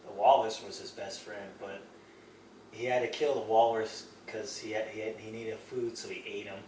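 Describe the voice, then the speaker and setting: A man's voice: lowish voice, fairly even intonation, normal speed, darkish tone. A young man in casual chat with a friend, rambling as he retells a movie, laughing often and acting out scenes. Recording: echoey room, mic from a distance, faint noise.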